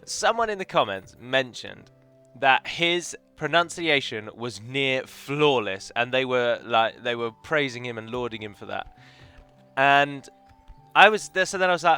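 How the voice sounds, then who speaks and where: A man's voice: mid-range voice, lively intonation, normal speed, sharp tone, smooth, faint music behind. A man casually commenting over a strategy game he plays, rambling into opinionated asides about pronunciation. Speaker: game modder and let's player.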